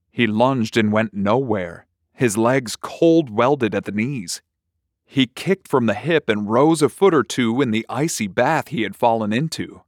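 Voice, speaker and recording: Man slowly reading a short story. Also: mid-range voice, dry recording, clean studio sound. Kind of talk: scripted narration of a short story.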